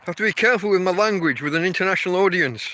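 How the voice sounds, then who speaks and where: A man's voice: high-pitched, racing, pushed and bright. An English man hosting a casual live stream while walking his dog outside at night, rambling and chatting to his dog between thoughts. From England. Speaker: podcast host.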